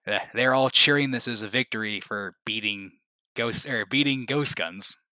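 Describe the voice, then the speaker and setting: A man's voice: mid-range voice, moderate pace, pushed and bright, dry recording. A man hosting a livestream, rambling casually, restarting sentences and laughing at his own remarks. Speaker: livestream host.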